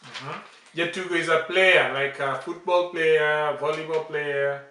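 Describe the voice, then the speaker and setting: A man's voice: on the high side, steady tone, unhurried, pushed and bright, echoey room, a little hiss or hum. A man teaching a language lesson in a casual way, coaching and correcting pronunciation with emphatic repeats.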